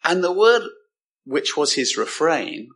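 A man preaching a sermon, emphatic, with dramatic pauses and repeated words. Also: on the high side, sing-song, fairly bright tone, slightly rough.

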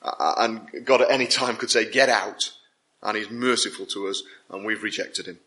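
Emphatic male preacher, bright tone. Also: fairly low pitch, a little fast. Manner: emphatic, repetitive build-ups with rising intensity. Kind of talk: sermon.

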